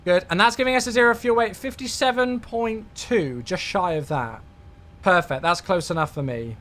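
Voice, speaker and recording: A British man in his thirties chatting casually on a live stream, excitable and effusive as he thanks his viewers. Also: sits high, moderate pace.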